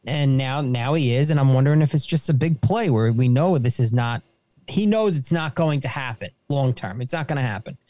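Halting, dark-voiced middle-aged man. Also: mid-range voice, no echo. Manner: halting, repeats words and restarts. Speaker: podcast guest, small business owner. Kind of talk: casual political chat.

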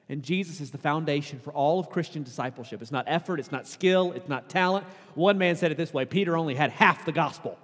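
A man preaching a sermon as pastor, conversational and casual, building to emphatic, louder peaks. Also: fairly high pitch, quick pace, few pauses, breathy edge. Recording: long hall reverb.

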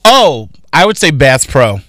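Lively, playful male radio co-host. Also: fairly high pitch, a little slow, no room sound, studio quality. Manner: playful, laughs easily. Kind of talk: casual radio chat.

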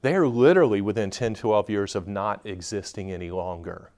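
A man's voice: on the low side, a little fast, a little mellow. A man speaking at a conference in front of a live audience, joking and bantering with the people in the room.

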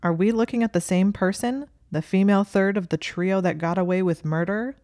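A woman's voice: mid-range voice, fairly quick, darkish tone, no room sound, studio quality, pitched above the performer's own voice, lightly acted. A woman voicing a smug, snide teenage girl prefect.

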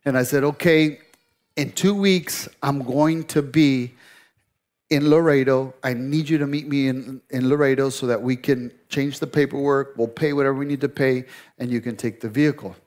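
A man's voice: medium pitch, fairly even intonation, moderate pace, a little mellow. A middle-aged male pastor preaching a sermon, telling a story in a conversational, joking way with asides to the congregation.

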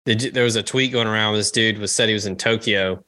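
Low, bright-voiced man chatting casually. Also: steady tone. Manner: joking, swears freely, quick asides. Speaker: podcast co-host. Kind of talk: casual chat.

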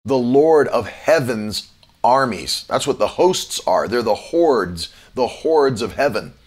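A man preaching an online sermon, emphatic, slowing down to repeat key phrases and spelling out words letter by letter. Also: mid-range voice, expressive, darkish tone.

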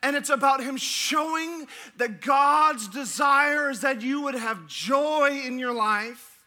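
High, bright-voiced preacher, animated and laughing. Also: male voice, slow. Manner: animated, laughing, playful asides. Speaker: pastor. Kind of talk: sermon. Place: church.

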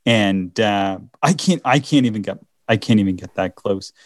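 A man's voice: on the low side, normal speed, no room sound, clean studio sound. A man from the Canadian Maritimes co-hosting a podcast in casual chat, often stopping and restarting his sentences. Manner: hesitant, many restarts and laughs. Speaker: podcast co-host.

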